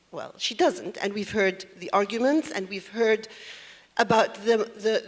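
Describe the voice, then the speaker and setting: A woman speaking as a panelist in a panel discussion, thinking aloud and posing questions. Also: medium pitch. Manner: reflective, poses questions.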